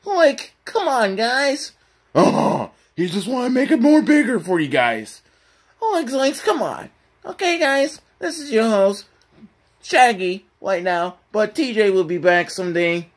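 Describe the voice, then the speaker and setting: Shaggy, a high whiny cartoon slacker. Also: male voice, sing-song, measured pace, heavily acted. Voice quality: high nasal drawl, says "like, zoinks". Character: jittery scared male cartoon slacker.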